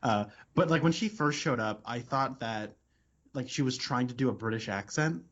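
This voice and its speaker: Male podcast co-host, mid pitch, halting delivery with frequent laughs, lo-fi recording. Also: a bit bright. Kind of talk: casual chat. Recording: dull lo-fi sound.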